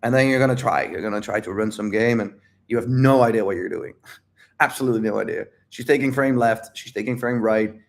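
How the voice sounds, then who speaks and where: A man in casual livestream talk as a dating coach, blunt and animated, repeating phrases and swearing freely. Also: fairly low pitch, brisk, creaky. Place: home livestream.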